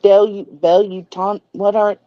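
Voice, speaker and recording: A woman's voice: medium pitch, flat delivery, takes it slowly, dry recording, highs cut off. A woman guest in a casual group chat, hesitant and searching for words.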